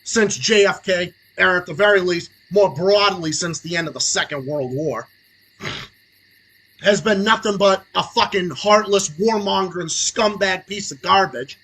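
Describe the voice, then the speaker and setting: Brief: young male streamer, furious profane rant, sneering sarcasm, raspy and bright. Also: high-pitched, unhurried, poor audio. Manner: angry, sarcastic, swings between muttering and shouting. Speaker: podcast host. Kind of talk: profane political rant on a livestream.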